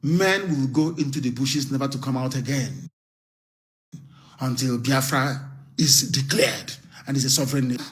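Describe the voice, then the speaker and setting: A man's voice: mid-range voice, moderate pace. A man giving an impassioned live broadcast address as a political activist leader, hammering rhetorical questions and issuing stern warnings. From Nigeria.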